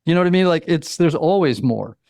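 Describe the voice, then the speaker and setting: A man in his sixties, an author and psychotherapist, speaks as a guest in a conversational interview, animated and full of stories, acting out little quotes and using lots of fillers. His gravelly voice sits on the high side and he talks fast. The studio-quality audio has no room sound.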